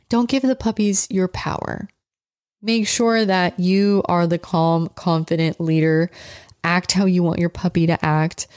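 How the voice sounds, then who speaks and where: A woman's voice: fairly low pitch, a little mellow, no room sound, studio quality. A woman dog trainer giving casual coaching advice, chatty and direct, often checking in with "right?". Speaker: dog trainer, podcast host.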